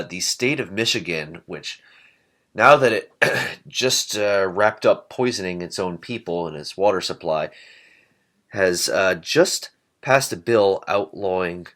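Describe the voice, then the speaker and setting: A man with a very low voice co-hosts a podcast. He rambles in a casual way and slips sarcastic jokes into his asides. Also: animated, measured pace, a bit bright. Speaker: podcast co-host.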